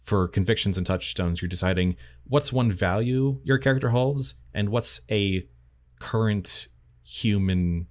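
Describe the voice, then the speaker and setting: A game master with a somewhat low voice talks casually through character creation. He laughs easily and trips over his phrases, keeping things relaxed. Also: a little slow. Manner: chatty, laughs often, restarts phrases. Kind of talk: casual chat running a tabletop session.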